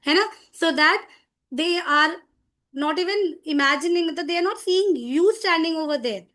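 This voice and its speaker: A high-voiced middle-aged woman leads a teacher training session. She talks in an animated, demonstrative way and often restarts her sentences as she explains. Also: brisk.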